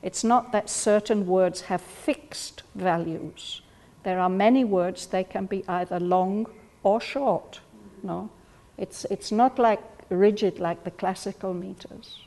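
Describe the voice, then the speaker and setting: A woman leading a study group, speaking slowly and thoughtfully as she explains ideas to the others. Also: medium pitch, in a large hall. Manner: slow, thoughtful, gently explaining. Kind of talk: reflective group discussion.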